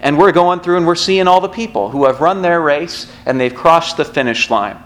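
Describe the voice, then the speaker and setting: A man's voice: a little high, moderate pace, fairly bright tone. Conversational man preaching a sermon. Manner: conversational storytelling with asides. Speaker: pastor.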